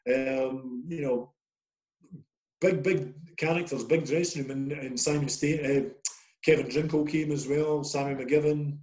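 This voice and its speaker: Scottish male, middle-aged, ex-player guest, rambling anecdotal storyteller, mid pitch, roomy echoey recording. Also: fairly even intonation, measured pace, a little mellow. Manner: rambling, self-deprecating storyteller. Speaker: former footballer guest. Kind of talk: casual anecdotal interview.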